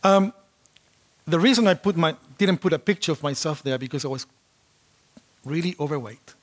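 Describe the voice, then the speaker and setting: A man preaching a sermon to a congregation, telling a personal story with lively acted-out quotes. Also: a little high, normal speed. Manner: animated storytelling, acts out quotes.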